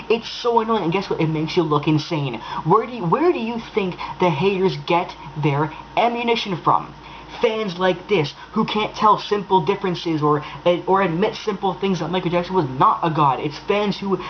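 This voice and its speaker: A man's voice: sits high, highs cut off, slight background noise. Exasperated young man ranting, heavy swearing. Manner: exasperated, sarcastic, swears freely. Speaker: vlogger. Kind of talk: angry rant to camera.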